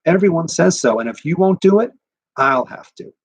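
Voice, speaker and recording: A man voicing an exasperated mother who scolds her son and her husband in a sharp voice. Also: fairly low pitch, lively intonation, moderate pace, breathy edge, no room sound, pitched above the performer's own voice, poor audio. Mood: bitter. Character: exasperated mother of two sons, quick to anger.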